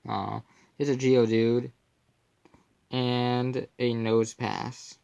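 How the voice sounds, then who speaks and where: Off camera, a young man casually comments on his card collection, loose and joking, with puns and quiet mumbled asides. His medium-pitched voice is gravelly with vocal fry, delivered flat and slowly, unhurried, on a lo-fi recording.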